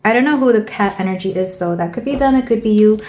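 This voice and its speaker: A woman from the United States talks through a casual tarot reading in a middle-pitched voice. She rambles and thinks aloud, leaning on soft fillers as she goes. The room gives her voice a noticeable echo. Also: fast. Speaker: tarot reader.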